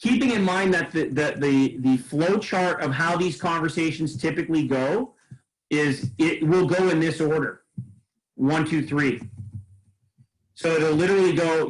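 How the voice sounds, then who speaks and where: Fast-coaching male sales trainer. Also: fairly high pitch, rough recording. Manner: coaching, quick asides, repeats words when starting. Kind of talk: sales training role-play.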